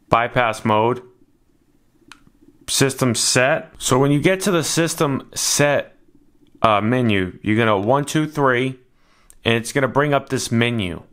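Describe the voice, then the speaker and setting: A man's voice: mid-range voice, fairly bright tone. A man narrating a casual hands-on product review in a laid-back, matter-of-fact way.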